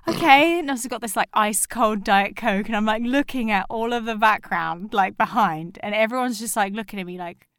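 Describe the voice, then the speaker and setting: A young woman in casual chat, telling a story with animated acted-out quotes. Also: mid-range voice, a little fast, few pauses, smooth, dry recording, clean studio sound.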